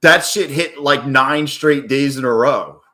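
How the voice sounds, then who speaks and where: Male streamer, loose and profane, bright and slow-talking. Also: mid-range voice. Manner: excitable, profane, hypes up his wins; rambling and casual. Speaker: day trader streaming live. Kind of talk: live stream chat.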